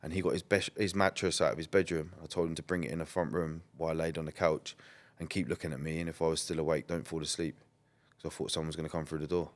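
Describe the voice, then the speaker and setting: A man's voice: extremely low pitch, little pitch movement, quick pace, hardly any pauses. A man, a podcast guest, talking candidly and bluntly in a rambling, conversational way full of "like" and "um". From England. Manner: rambling, many "like" and "um" fillers, blunt and swearing.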